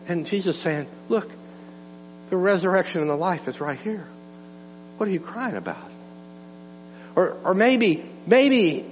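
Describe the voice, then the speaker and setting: A male pastor delivering an impassioned sermon, swinging between raised and hushed delivery. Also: high-pitched. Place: church sanctuary. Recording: dull church recording with long reverb and mains hum.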